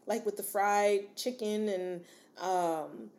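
Woman podcaster rambling casually, lots of ums and likes, mid pitch. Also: fairly even intonation, slow, darkish tone. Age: adult with a daughter. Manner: casual, chatty, rambling with many fillers and asides; addresses listener as sis, encouraging. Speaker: podcast host. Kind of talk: solo podcast monologue.

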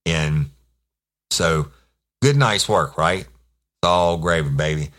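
A man's voice: rumbling low, takes it slowly, fairly bright tone. A middle-aged man, casually telling a rambling, profane police story as podcast host.

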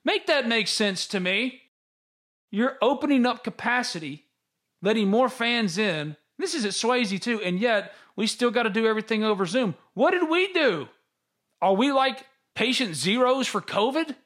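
A man hosting a sports podcast, talking casually and teasing his co-host in an animated, joking way. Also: very high voice. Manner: animated, joking, quick to tease.

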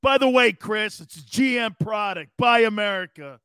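A man hosting a sports talk radio show, telling rambling, animated stories with sudden loud bursts. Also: sits high, normal speed, smooth, no echo, clean studio sound.

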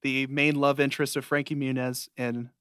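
Young male podcast co-host, smooth clear voice, dry close sound, rambling recap. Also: medium pitch, level tone, moderate pace, fairly bright tone, no echo. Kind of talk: casual chat.

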